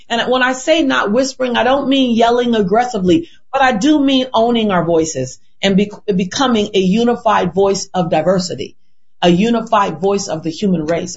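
A woman gives an impassioned interview answer in an earnest voice. She asks rhetorical questions and repeats and restarts words as she builds her point. The recording sounds dull and lo-fi. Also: mid-range voice. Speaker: interview guest.

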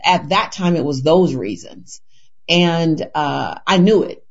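Her voice is deep, with lively intonation and a slow pace, as this interview guest delivers an impassioned, earnest answer. She builds her point through rhetorical questions, repeated words, and restarts, captured on a dull, lo-fi recording.

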